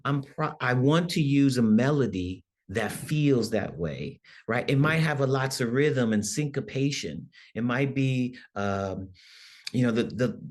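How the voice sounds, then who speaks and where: A man's voice: medium pitch, a little slow. A man, a songwriting professor, giving a conversational workshop lecture, often checking in with "right?" and acting out examples in different voices. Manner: animated, demonstrates with acted-out voices.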